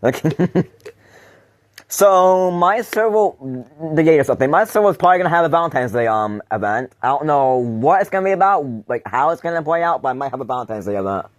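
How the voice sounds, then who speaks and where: A man's voice: on the high side, animated, brisk. A man hosting a casual podcast chat, rambling with frequent laughs and restarted sentences. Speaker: podcast host.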